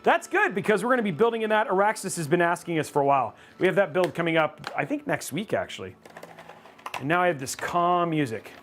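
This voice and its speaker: A man hosting a live stream while building a gaming PC, chatting casually with viewers and breaking into loud mock-rage outbursts. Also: sits high, quick pace. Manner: excitable, reads chat aloud, loud outbursts of mock rage. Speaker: livestream host building a gaming PC.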